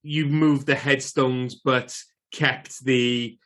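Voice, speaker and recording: A man's voice: medium pitch, steady tone, extremely slow, fairly bright tone. A man in his forties co-hosting a podcast, chatting casually with restarts and the odd swear. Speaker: podcast co-host. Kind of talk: casual chat.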